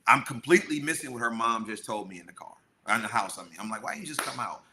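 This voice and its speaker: Bright-voiced man telling a story. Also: medium pitch, fast, slight background noise. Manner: animated storyteller acting out quotes. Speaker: podcast co-host. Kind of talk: storytelling casual chat.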